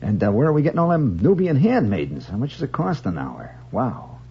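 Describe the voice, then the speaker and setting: A man's voice: medium pitch, big pitch swings, a little fast, breathy edge, voice pushed up, full character voice. A radio host voicing a worried, mock-innocent square man fussing over who pays at a Roman feast. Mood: fretful. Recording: lo-fi 1970s radio broadcast.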